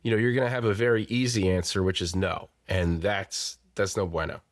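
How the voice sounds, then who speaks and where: A man's voice: sits low, fairly even intonation, a little fast. A man hosting a sales podcast, talking candidly and casually with the odd swear word and plenty of fillers. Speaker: podcast host.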